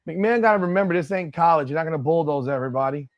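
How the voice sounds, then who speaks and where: A man's voice: fairly high pitch, very fast, dull audio. A man hosting a live watch-party stream, calling the plays in a blunt, profane way with exasperated outbursts. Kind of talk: live play-by-play watch-along commentary.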